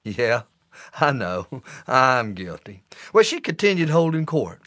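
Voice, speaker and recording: A man telling a comic story in a folksy, drawn-out descriptive way. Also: medium pitch, sing-song, fairly bright tone, no echo.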